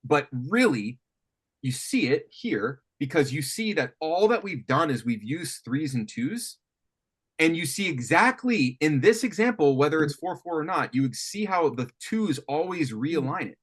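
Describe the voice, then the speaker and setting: A man coaching a student on writing guitar riffs, thinking aloud with lots of restarts and animated talk. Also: a little high, unhurried, husky. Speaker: music coach. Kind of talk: teaching songwriting on a call. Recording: faint guitar music behind.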